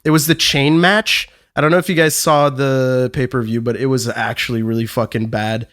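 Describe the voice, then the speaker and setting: A male podcast co-host with a medium-pitched, fairly bright voice speaks at normal speed in a steady tone. In casual chat he tells a rambling, swear-filled anecdote, often restarting his sentences.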